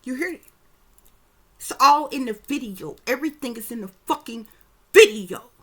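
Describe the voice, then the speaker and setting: Woman psychic reader, slightly high-pitched, emphatic and profane, loose conversational delivery. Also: animated, moderate pace, bright, forceful tone. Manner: emphatic, profane, keeps checking in with listeners. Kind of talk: casual psychic reading commentary.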